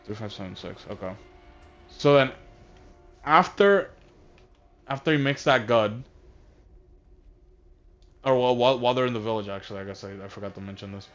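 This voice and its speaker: A man casually recapping a movie while playing a game, rambling and halting, often distracted. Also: mid-range voice, faint music behind. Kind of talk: casual chat. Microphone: console voice chat headset. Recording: dull lo-fi voice chat audio.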